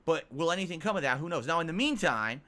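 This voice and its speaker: A man's voice: on the high side, lively intonation, quick pace, sharp tone. A man streaming, exasperatedly retelling a long customer service ordeal. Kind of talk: venting story on a livestream.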